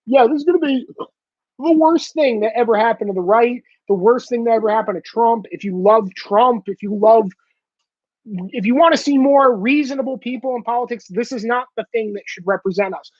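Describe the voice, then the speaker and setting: Sarcastic, profane man with husky voice. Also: extremely high pitch, fairly quick, dry recording. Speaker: online show host. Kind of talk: ranting monologue. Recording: dull lo-fi dry sound.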